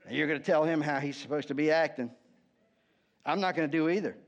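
High-voiced pastor preaching conversationally. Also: male voice, quick pace, dull audio. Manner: conversational, asks the congregation "right?" often, wry humor. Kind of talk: sermon.

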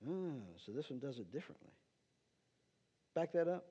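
A man's voice: a little high, expressive, moderate pace, warm tone, husky. A man, a pastor, giving a sermon in a conversational teaching style and often checking in with "right?". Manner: conversational, keeps asking "right?"; talks to the slide operator between points. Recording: dull lo-fi sound.

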